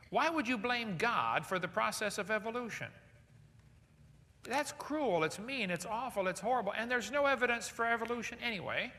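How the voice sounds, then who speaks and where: A man giving a lively seminar lecture to a live audience, firing questions at the crowd. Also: high-pitched. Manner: animated, asks the audience questions. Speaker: creationist speaker. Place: large hall with audience. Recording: echoey hall recording.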